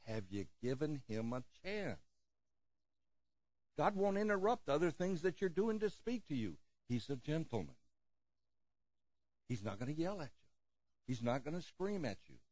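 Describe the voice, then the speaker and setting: A man preaching a sermon in a gentle manner, dropping softly at moments and chuckling now and then. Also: a little high, unhurried, long pauses, no room sound, muffled recording. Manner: gentle, lively preaching with soft drops and chuckles. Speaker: pastor.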